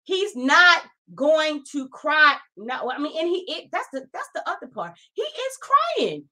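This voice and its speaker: A woman's voice: high-pitched, measured pace. A woman co-hosting a casual podcast, talking emphatically and with exasperation about a reality show. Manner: animated, emphatic, exasperated commentary. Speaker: podcast co-host.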